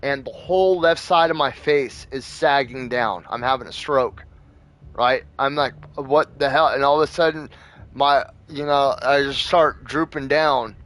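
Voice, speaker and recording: A man's voice: medium pitch, measured pace, fairly bright tone. A man hosting a gaming channel, telling a rambling story in a casual, profane way with plenty of fillers.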